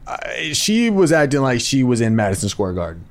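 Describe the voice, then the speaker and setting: A young man co-hosting a comedy podcast, chatting casually and joking, often slipping into quick put-on voices. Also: medium pitch, very animated. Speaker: podcast co-host.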